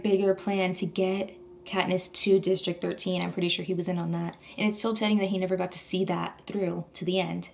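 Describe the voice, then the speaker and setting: A woman's voice: on the low side, gravelly. A young woman vlogger rambling in a casual, gushing chat, full of "like" and restarts. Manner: gushing, rambling, heavy use of "like".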